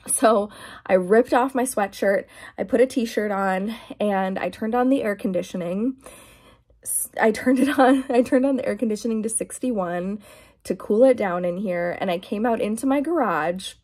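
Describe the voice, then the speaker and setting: A woman's voice: mid-range voice, moderate pace. Woman vlogger, casual rant, exasperated, slips into whispers, recorded in a garage. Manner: chatty, exasperated, drifts between talking and whispering. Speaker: ASMR vlogger. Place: garage at home. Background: quiet, dim garage.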